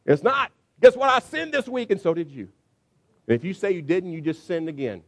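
A middle-aged man preaching a sermon, telling stories in a conversational way and checking in with the congregation with frequent asides. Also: brisk. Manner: acts out quotes with sudden high excited pitch. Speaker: pastor.

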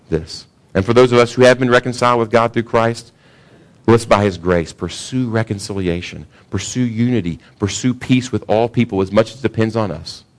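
A pastor preaching a sermon in a casual, conversational way, often asking the congregation questions. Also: male voice, on the low side. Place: church sanctuary.

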